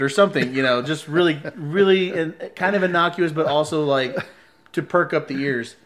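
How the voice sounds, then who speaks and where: A man in a casual chat, telling a story in an animated way, laughing often and acting out quoted lines. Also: on the high side, normal speed.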